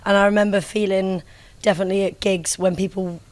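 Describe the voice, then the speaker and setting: Interviewer: woman, medium pitch, casual and chatty, slangy. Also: flat delivery, fairly quick, slight background noise. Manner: chatty, friendly slang, many ums.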